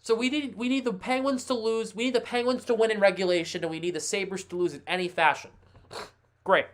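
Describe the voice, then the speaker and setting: A man hosting a casual live sports stream, thinking aloud in a chatty, excitable way. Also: sits high, a little fast. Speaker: livestream host.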